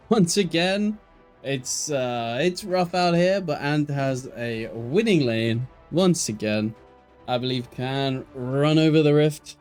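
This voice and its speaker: A man's voice: medium pitch, animated, slow, faint music behind. A young man with an English Midlands accent, chatting and joking casually as an esports caster on a live stream.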